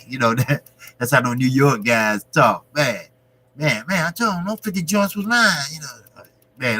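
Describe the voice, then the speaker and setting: A man hosts his own boxing livestream, talking slowly and taking his time as he reads the chat. His voice is bright and forceful, with plenty of blunt, profane street banter. A faint hum sits under the recording. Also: medium pitch, rough recording. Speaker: boxing channel host reading live chat. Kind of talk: casual livestream talk.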